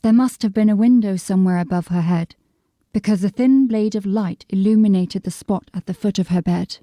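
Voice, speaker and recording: A woman narrates a fantasy audiobook in a measured, descriptive way. Her voice is mellow and warm, and it sits at a middle pitch. The recording is dry and close. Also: no room sound. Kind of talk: scripted narration.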